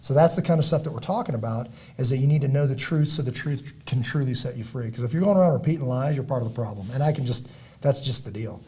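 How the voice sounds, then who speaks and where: A middle-aged man with a dark, husky voice talks on a podcast in a preachy, motivational way. He hammers his points by repeating them, swings from loud bursts to low, quiet endings, and keeps clearing his throat. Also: fast. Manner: emphatic, repetitive, builds to loud peaks then drops low. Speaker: podcast host and former Navy SEAL.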